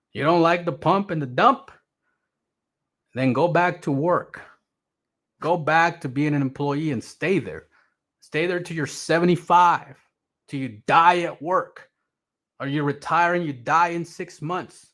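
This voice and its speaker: Profane blunt man ranting about markets. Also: medium pitch. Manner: blunt, profane, repetitive, swings loud. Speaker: crypto streamer. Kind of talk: profane motivational rant.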